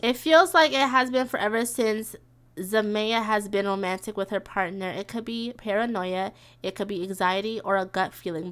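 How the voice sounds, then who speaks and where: A young woman giving casual let's-play commentary, chatty and yelling at the game characters. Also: medium pitch, clear, resonant tone. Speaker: gaming streamer.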